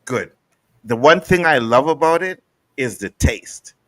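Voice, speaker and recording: Bright-voiced man telling stories casually. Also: medium pitch, a little slow, dry recording. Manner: animated storytelling, acts out quotes. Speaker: podcast co-host. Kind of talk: casual chat.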